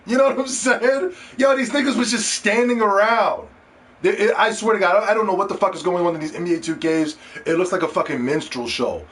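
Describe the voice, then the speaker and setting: Animated, profane podcast host ranting. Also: male voice, a little high, a little hiss or hum. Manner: animated, profane, mocks others in put-on voices. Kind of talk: casual gaming podcast rant.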